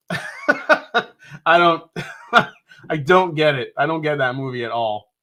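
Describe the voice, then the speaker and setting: A man's voice: a little high, expressive, slow pace, sharp tone. A man from New York hosting a casual live stream, reading out viewer comments, joking, swearing casually and laughing often. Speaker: livestream host.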